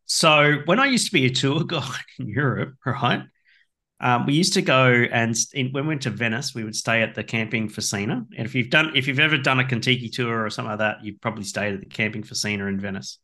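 A man's voice: mid-range voice, fast talker, bright, forceful tone. A man in his forties chatting casually as a podcast co-host, telling rambling stories and swearing freely. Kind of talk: casual chat.

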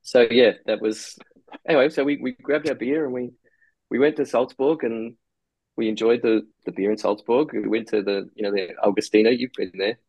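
A man's voice: mid-range voice, steady tone, normal speed, darkish tone, slightly rough, no echo. A man in casual podcast chat, telling long rambling anecdotes with casual swearing. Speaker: brewery co-founder guest.

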